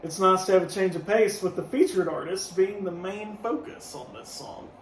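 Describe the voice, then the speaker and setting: A man's voice: high voice, normal speed. A man co-hosting a podcast, reading his album review notes in a casual tone with fillers and small laughs. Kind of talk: casual review chat, partly read from notes. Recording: echoey room, distant mic, faint noise.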